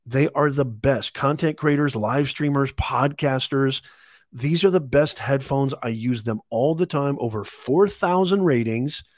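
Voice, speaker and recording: A man's voice: medium pitch, measured pace, no room sound, studio quality. A man hosting a live shopping stream, hyped and salesy, repeating calls to buy. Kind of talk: live deal-hunting stream.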